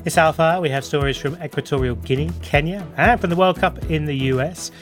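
A man presenting a radio news programme, introducing stories and a guest with clear, brisk scripted delivery. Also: fairly high pitch, soft background music.

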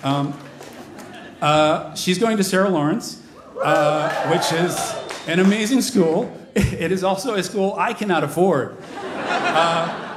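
A man in his forties telling a comic personal story on stage, with a lively, animated delivery. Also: high voice, slow pace, very noisy. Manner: comic, animated, mimics voices in quotes. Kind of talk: live storytelling performance. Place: stage before an audience.

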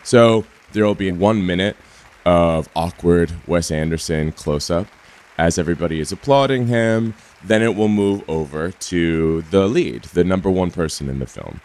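Really deep voiced guy, reporter being interviewed, kinda wry. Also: moderate pace, darkish tone. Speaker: interviewed journalist. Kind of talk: interview clip.

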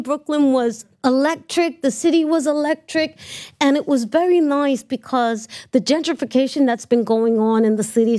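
New woman, kinda high voice, animated storyteller on stage, laughs a lot. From New York City. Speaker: podcast host, guest. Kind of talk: lively storytelling in a live interview. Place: live event space with an audience.

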